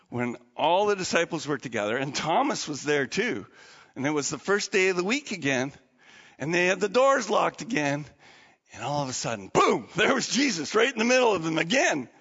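A man telling a story to children in an animated, dramatic way. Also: a little high, normal speed, slightly rough, in a large hall, dull audio. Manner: animated, dramatic retelling with restarts.

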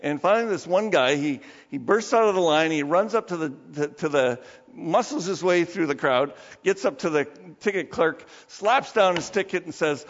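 A man preaching a sermon as pastor, praying softly and slowly, then telling stories with lively emphasis. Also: fairly high pitch. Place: church sanctuary. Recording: dull sound with long reverb of a church hall.

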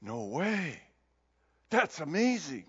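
A man's voice: a little high, sing-song, slow, a bit bright, breathy edge, voice pushed down, full character voice. A man voicing a puzzled, eager traveler reading scripture in a retold story. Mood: excited. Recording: dull recording in a long-reverb hall.

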